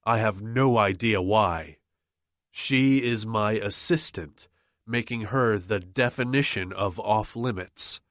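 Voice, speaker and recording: Slow, measured man narrating an audiobook. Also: on the low side, fairly bright tone, no echo, studio quality. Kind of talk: first-person romance audiobook narration.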